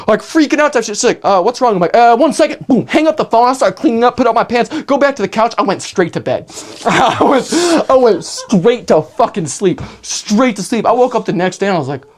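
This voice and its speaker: A man's voice: sits high, fairly quick, few pauses. A young man hosting a podcast, telling a rambling story in casual chat, swearing a lot and tagging lines with "right?". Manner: rambling, animated, swears freely, many fillers like "right?". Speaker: podcast host.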